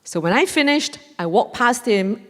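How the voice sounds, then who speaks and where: A woman, a mindfulness trainer telling a lively story on stage in a conference talk. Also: on the high side, normal speed. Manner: animated, acts out dialogue with laughs. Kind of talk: storytelling lecture. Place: large conference hall. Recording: long hall reverb.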